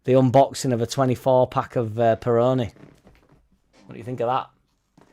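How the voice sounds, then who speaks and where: A man's voice: mid-range voice, level tone, normal speed, warm tone, muffled recording. Sweary young man, casual chat. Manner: loose, sweary, joking banter. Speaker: host of a football fan live stream. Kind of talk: casual chat, reading live comments.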